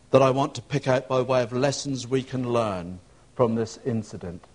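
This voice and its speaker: Preaching a sermon, a man tells a story and performs the voices within it. His pitch rises as he acts out shouts and quotations.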